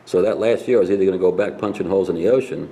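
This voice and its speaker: A man's voice: deep voice, very fast, dark tone. An older man, a Navy veteran, telling rambling stories in a casual interview and laughing at his own pranks.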